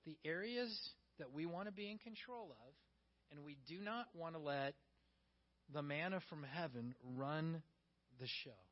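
A man preaching a sermon in an animated way, acting out quoted voices and swinging between soft and loud delivery. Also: a little high, measured pace, highs cut off.

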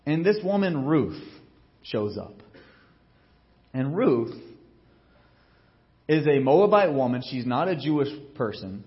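A man preaching a sermon as pastor, telling a story in a casual, joking way and acting out what people say, getting loud and then dropping low. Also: slow, long pauses, dull audio. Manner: animated storytelling, acts out quotes with big swings in loudness.

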